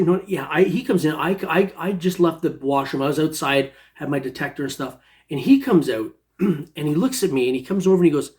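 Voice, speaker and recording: A man's voice: fairly high pitch, darkish tone. A man casually telling a long personal story, rambling with many restarts. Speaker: metal detecting storyteller.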